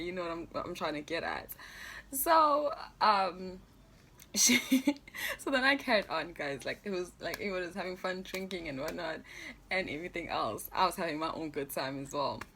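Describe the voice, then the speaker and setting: A woman's voice: on the low side, a bit bright. A young adult woman telling a story in a casual vlog, chatty and laughing often, with plenty of fillers. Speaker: vlogger.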